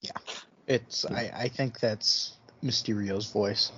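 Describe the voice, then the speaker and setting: A man's voice: lowish voice, steady tone, slow, a bit bright, slight background noise. A man co-hosting a podcast in casual chat, offhand and dry as he lays out a theory. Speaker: podcast co-host. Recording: dull lo-fi podcast audio.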